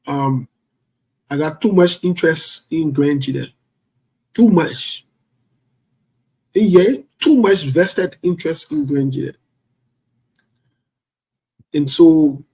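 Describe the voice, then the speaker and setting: A man calling in to a talk show, speaking forcefully and indignantly and repeating his points. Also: sits high, breathy edge. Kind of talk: heated call-in talk.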